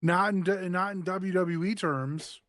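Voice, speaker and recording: A man's voice: high voice, steady tone, unhurried, fairly bright tone, no echo, clean studio sound. A man co-hosting a wrestling review in casual chat, blunt and dismissive. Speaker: wrestling show co-host.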